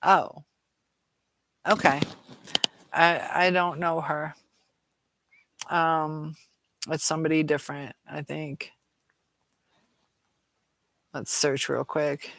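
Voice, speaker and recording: A woman's voice: sits low, little pitch movement, slow pace, creaky, long pauses, fairly bright tone, dry recording. A tired woman hosting a live chat, reading viewer comments aloud and hesitating often. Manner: hesitant, many fillers and restarts. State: tired and dizzy.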